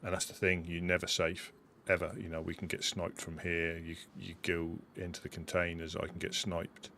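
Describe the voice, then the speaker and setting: A man with a deep, low voice chats casually during a game. He tells stories in a steady, level way, his pitch barely moving. A faint hiss runs underneath. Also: normal speed, gravelly. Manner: steady, level storytelling with fillers. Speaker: fellow player. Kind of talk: casual chat while gaming.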